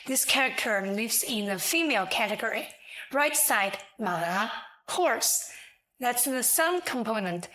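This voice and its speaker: Slow, clear-spoken woman teacher. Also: on the high side, bright, forceful tone, poor audio. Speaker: language teacher. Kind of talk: scripted educational narration.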